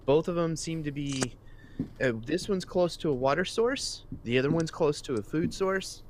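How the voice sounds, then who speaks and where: A man's voice: on the high side, lively intonation, normal speed, noisy background. A man playing a tabletop game, hesitant and repeating words as he starts. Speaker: player. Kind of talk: casual tabletop game chat.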